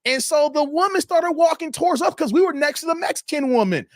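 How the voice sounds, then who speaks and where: A man tells a story to his viewers in a loose, profane rant. His fairly high voice leaps up and down with lively expression. The sound is close and dry, with no room echo. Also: quick pace. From Chicago, USA. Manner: animated, profane, talks straight to viewers. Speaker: YouTube commentator.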